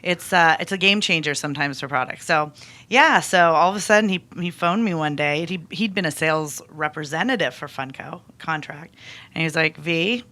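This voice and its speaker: Bright-voiced woman chatting casually. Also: sits low, brisk. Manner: chatty, rambling with many fillers and restarts. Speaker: guest, toy company salesperson. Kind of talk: casual podcast interview.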